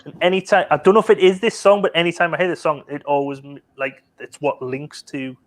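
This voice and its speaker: Forty-something male host, light higher voice, teasing and jokey. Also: fairly even intonation, brisk. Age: 40s. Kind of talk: casual chat.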